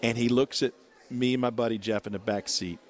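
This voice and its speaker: A Missouri man in his forties, a guest storyteller on talk radio, spins a long, animated anecdote in a brisk, mid-range voice. He gives the people in his story lively voices of their own, and there's some chatter in the background.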